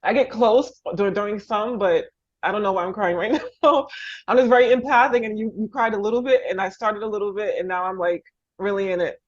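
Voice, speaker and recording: A woman's voice: medium pitch, steady tone, a little fast. Effusive woman host, dull lo-fi sound. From New York, the Bronx. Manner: effusive, laughs through tears, rambling restarts. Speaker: podcast host. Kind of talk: emotional interview conversation.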